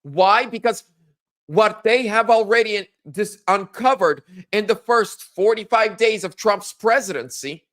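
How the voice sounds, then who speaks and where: A man in his thirties hosting a casual political monologue, animated, acting out quotes in a higher voice. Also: measured pace. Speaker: political commentary host.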